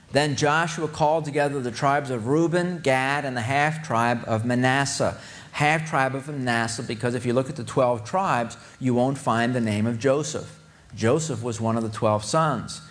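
A man teaching a sermon who reads scripture aloud, then explains it in a conversational way, asking his listeners rhetorical questions. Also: mid-range voice. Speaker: Bible teacher.

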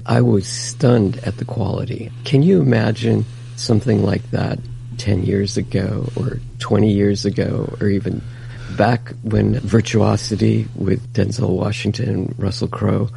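A man's voice: lowish voice, steady tone, unhurried, creaky, warm tone, slight background noise, poor audio. A man co-hosting a show, chatting casually and enthusiastically. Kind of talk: casual chat.

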